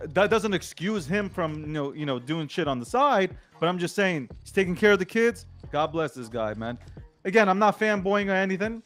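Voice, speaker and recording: A man's voice: sits high, animated, normal speed, a bit bright, faint music behind. A man co-hosting a late-night news show, talking in a slangy, emphatic and rambling way in casual commentary.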